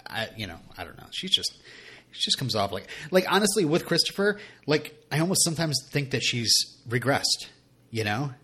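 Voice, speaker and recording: A man's voice: mid-range voice, normal speed, slightly rough. Guy on a podcast rambling about a tv episode, lots of ums, voice jumps all over. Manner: rambling, animated, many fillers. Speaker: podcast co-host. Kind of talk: casual TV recap chat.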